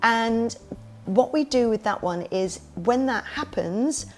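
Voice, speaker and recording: A woman who runs a kids party business, telling stories as a podcast guest in a lively way and acting out the voices she quotes. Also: fairly high pitch, slow. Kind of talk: casual interview storytelling.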